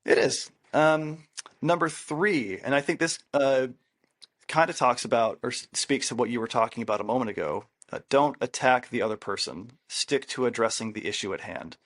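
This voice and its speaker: A man's voice: medium pitch, moderate pace, a bit bright. A man co-hosting a podcast as a therapist, giving relationship advice in casual chat, stressing and repeating his key rules. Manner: emphatic, repeats key rules, acts out quoted lines.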